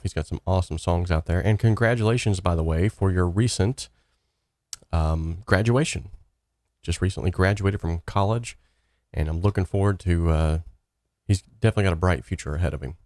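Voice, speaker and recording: A man hosting a live stream, casually reading and answering chat questions with rambling, energetic talk. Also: deep voice, normal speed, dry recording, studio quality. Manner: energetic, rambling, reads chat comments aloud.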